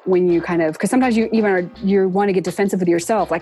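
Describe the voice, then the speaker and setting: A woman in her forties, a guest in a casual interview, talking earnestly and reflectively and acting out quoted speech with lively pitch jumps. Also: fast talker, hardly any pauses, soft background music. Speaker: interview guest, entertainment production professional.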